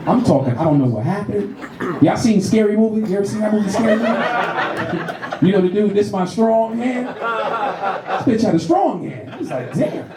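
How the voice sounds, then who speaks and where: Profane Bronx comic on a club stage. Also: male voice, normal speed, pauses often, a loud crowd. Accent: New York. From the Bronx, New York. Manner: loud, profane, animated storytelling with shrill put-on voices. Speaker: stand-up comedian. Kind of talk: stand-up set. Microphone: handheld stage mic. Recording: roomy club sound from a distant mic. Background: audience laughter.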